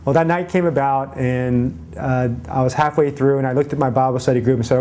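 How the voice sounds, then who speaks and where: Warm-toned storytelling pastor, a man. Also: mid-range voice, fairly even intonation, fairly quick, few pauses, slight background noise. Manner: conversational, anecdotal, encouraging. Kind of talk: storytelling church message.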